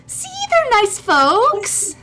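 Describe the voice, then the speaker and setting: A woman doing a gushing, high-voiced orc paladin woman. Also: sing-song, drawn-out words, sharp tone, soft background music, full character voice. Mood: sweet, gushing. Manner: gushing and polite.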